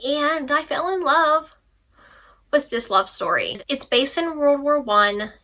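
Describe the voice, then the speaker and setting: A woman's voice: high voice, animated, slow, bright, forceful tone. A young woman chatting casually about books she read, rambling with playful asides. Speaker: book vlogger. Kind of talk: casual book review chat.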